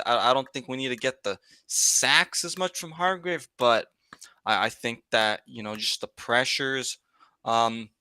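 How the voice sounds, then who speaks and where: Man, podcast co-host, casual chat, hesitant, stammering, bright forceful voice. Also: medium pitch, smooth, no echo. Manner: hesitant, stammering, laughs often.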